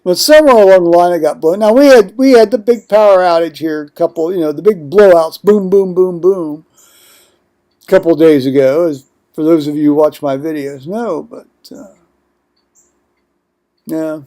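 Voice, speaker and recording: Rambling older man, blunt and high-voiced. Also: normal speed, mellow. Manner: digressive, blunt, profane asides. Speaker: vlogger. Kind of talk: rambling home video monologue.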